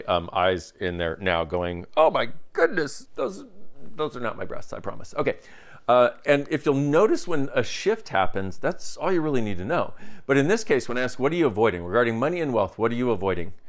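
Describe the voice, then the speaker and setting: A tired man talks straight to camera in a loose, rambling way, his pitch swinging up and down all the time. He jokes, breaks off and restarts his thoughts, and sounds like a self-help teacher giving a casual update. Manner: rambling, self-interrupting, jokey.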